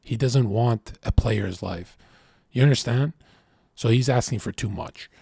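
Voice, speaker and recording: A man's voice: medium pitch, unhurried, vocal fry, mellow, breathy edge, no room sound, clean studio sound. A man streaming, reacting to chat and reading messages aloud, in a brash, profane, boastful way, rambling and acting out bits of dialogue.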